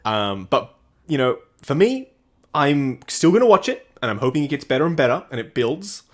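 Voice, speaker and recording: A man's voice: medium pitch, big pitch swings, normal speed. A man co-hosting a casual livestream, chatting with enthusiasm and reading out viewer comments. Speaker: livestream co-host.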